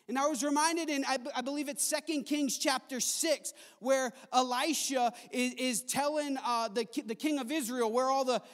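A man preaching a sermon in a chapel, impassioned, moving between soft stretches and loud ones. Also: very high-pitched, fairly even intonation, normal speed, hardly any pauses. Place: large chapel hall. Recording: long hall reverb.

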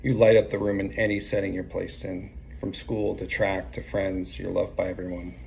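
A man giving a steady, sincere recorded message of congratulations. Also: deep voice, moderate pace, gravelly, a little hiss or hum, rough recording.

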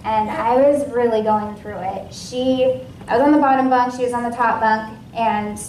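A woman from Washington State sharing a personal testimony at a ministry meeting, in a casual, lively way with many fillers. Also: on the high side, normal speed, recorded from a distance, slight background noise. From Washington State, USA. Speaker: guest speaker at a ministry. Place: ministry meeting room with a live audience. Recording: echoey room, voice from off-mic.

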